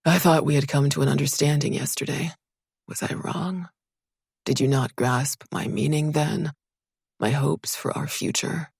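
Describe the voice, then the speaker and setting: A woman's voice: sits low, fairly even intonation, measured pace, gravelly, a little mellow, breathy edge, no room sound, studio quality, heavily acted. A woman voicing an earnest young soldier. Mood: remorseful.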